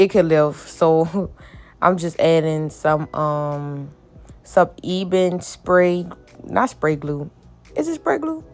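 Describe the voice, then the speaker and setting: A young woman chats to her viewers in a relaxed, familiar way, her voice sitting on the low side. She still has her groggy morning voice. Soft music plays faintly behind her. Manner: chatty, relaxed, addresses viewers as y'all. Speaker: vlogger. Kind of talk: casual chat to camera.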